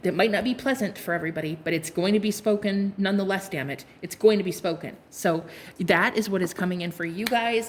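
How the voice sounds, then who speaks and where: A woman's voice: mid-range voice, a little hiss or hum. A woman giving a casual tarot reading to her viewers, sassy and playful, laughing often, swearing and calling them honey. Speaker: tarot card reader.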